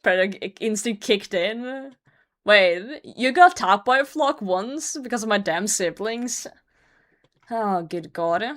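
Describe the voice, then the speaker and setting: A young adult woman telling a story to her stream chat in a casual, animated way, swearing freely and sometimes trailing off into mumbles. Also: medium pitch. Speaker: livestreamer.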